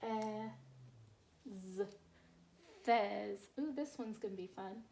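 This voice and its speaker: A woman teacher, slowly sounding out word parts in a phonics lesson for young children and praising them. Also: mid-range voice, darkish tone, a little hiss or hum. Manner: slow, clear sounding-out of word parts, encouraging.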